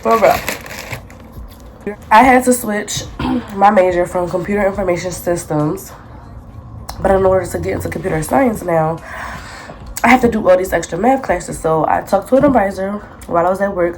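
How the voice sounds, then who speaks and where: A woman's voice: on the low side, brisk, a little mellow, slight background noise. A young woman vlogging casually from her phone, chatty and exasperated, full of slang. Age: young adult. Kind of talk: casual storytime vlog. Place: outdoors on a city street.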